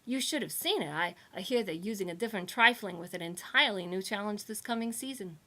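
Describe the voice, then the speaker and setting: A woman voicing a gruff, dismissive young female space salvager. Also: medium pitch, animated, quick pace, sharp tone.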